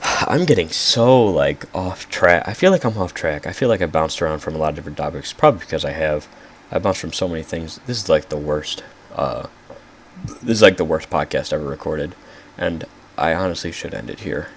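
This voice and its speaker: A man's voice: a bass voice, a little fast, a little hiss or hum. A young man hosting a casual solo podcast, rambling and losing his track, with lots of "like" fillers and self-mocking jokes. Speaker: podcast host.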